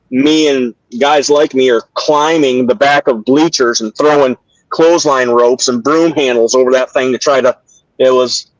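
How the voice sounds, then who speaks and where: A man's voice: mid-range voice, no room sound, rough recording. An older man, a former wrestler, telling stories in a casual interview over a video call, with many restarts and fillers. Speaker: guest, former pro wrestler.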